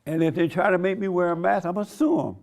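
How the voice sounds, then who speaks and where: A man's voice: high voice, quick pace, creaky, darkish tone. A man preaching an informal sermon, blunt and conversational, with a folksy way of telling stories. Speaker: preacher and host.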